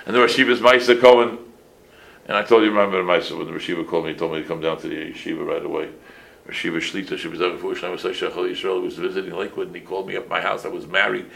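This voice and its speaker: A man in his sixties, a rabbi giving a casual halacha class full of stories, talking in an animated way with many restarts and Yiddish phrases. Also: deep voice, very fast, gravelly, slight background noise, rough recording.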